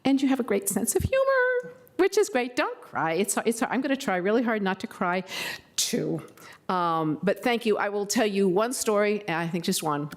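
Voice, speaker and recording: An older woman speaks at a county board meeting in a chatty, rambling way, mid-pitched and unforced. She pokes fun at herself and slips into lively impressions of the people she quotes, giving the tribute a loose, off-the-cuff feel. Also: moderate pace. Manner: rambling, chatty, self-deprecating, with animated quoted asides. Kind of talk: informal tribute speech. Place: public meeting chamber.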